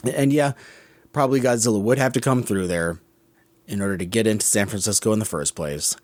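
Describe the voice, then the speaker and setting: A man's voice: on the low side, fairly quick, darkish tone, dry recording. A man co-hosting a podcast, talking through a movie's scenes in a musing, critical way and often correcting himself mid-sentence. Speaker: podcast co-host. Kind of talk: casual film discussion.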